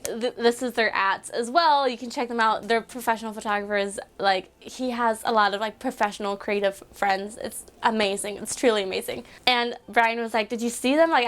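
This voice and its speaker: Animated young woman vlogger telling a story. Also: a little high. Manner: animated, acts out quotes with squeals and screams. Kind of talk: casual storytelling to camera.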